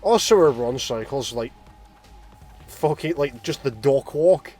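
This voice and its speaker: A man's voice: medium pitch, expressive, unhurried, warm tone, soft background music. A man doing casual let's-play commentary, teasing and swearing as he rambles. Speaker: co-host of a gaming stream.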